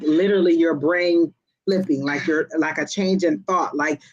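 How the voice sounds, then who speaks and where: A woman reading tarot live for viewers, talking quickly and directly to her audience in a lively, chatty way. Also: fairly low pitch, muffled recording. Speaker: tarot and psychic reader.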